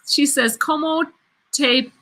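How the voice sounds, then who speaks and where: A woman's voice: high voice, takes it slowly, bright, forceful tone, poor audio. A middle-aged woman hosting a casual livestream, chatting and reading out viewer comments with lots of fillers and frequent giggles. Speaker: host of a cruise livestream.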